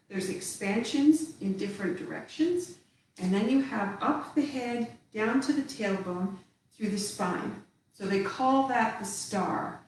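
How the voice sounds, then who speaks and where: A woman teaching a tai chi class, calmly cueing each movement step by step with the odd laugh. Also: medium pitch, a little hiss or hum. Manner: slow calm cueing of movements, occasional laughs. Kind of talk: live online movement class. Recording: echoey room, speaker far from the mic.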